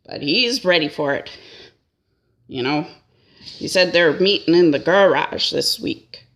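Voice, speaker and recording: A woman's voice: low voice, lively intonation, unhurried, fairly bright tone. A woman doing a rambling, folksy comic monologue and tagging her lines with a questioning "eh?". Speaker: comedian.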